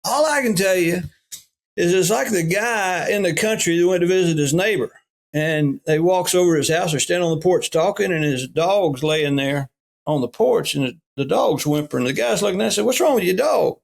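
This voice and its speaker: A man's voice: high voice, a little fast, vocal fry. A middle-aged man with a Southern US accent, a pastor telling folksy stories in a podcast interview. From Alabama. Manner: folksy, animated when quoting others.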